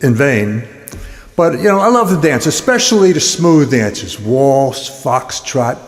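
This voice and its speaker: A man telling comic stories about dancing, deadpan, dropping his voice low to act out the other people in his jokes. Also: unhurried. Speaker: stand-up comedian. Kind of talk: comic storytelling with acted-out dialogue.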